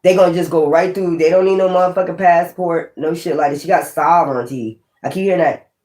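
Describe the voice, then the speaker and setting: A woman's voice: fairly low pitch, steady tone, a little fast, darkish tone. A woman giving a casual tarot reading, blunt and profane, thinking aloud as she goes. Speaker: tarot reader. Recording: roomy echo.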